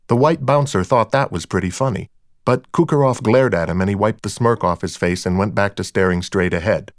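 A man's voice: lowish voice, normal speed, no echo. A man narrating a first-person crime story in a dry, wry storytelling manner. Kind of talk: audiobook narration of a crime novel.

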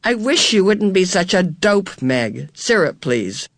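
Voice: mid-range voice, very animated, unhurried, dry recording, studio quality. A reader voicing a bossy, confident boy twin in a storybook reading.

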